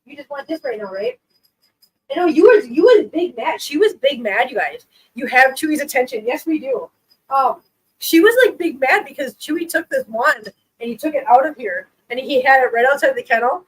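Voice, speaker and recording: A woman with a high voice hosts a relaxed live stream and talks loosely with her viewers. She laughs often and switches into cooing baby talk for her cats. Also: moderate pace, rough recording. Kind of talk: casual live-stream chat with viewers and pets.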